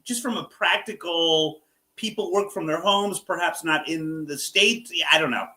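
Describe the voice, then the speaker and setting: A man's voice: on the high side, moderate pace, pushed and bright. A man who is a guest on a casual comedy chat show, trading dry, teasing remarks with the host.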